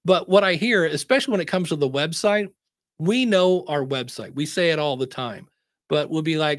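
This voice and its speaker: A man teaching podcasting in a casual webinar, chatting and acting out quotes in a higher voice. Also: normal speed, no echo, clean studio sound. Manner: conversational, acts out quotes in a higher voice. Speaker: podcast educator presenting a webinar.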